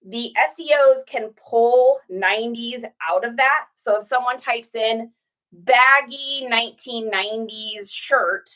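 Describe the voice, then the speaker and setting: A woman's voice: on the high side, slow pace, a bit bright, poor audio. Chatty woman sharing reselling tips. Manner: chatty, conspiratorial, with lots of fillers. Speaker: clothing reseller. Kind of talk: casual livestream tutorial.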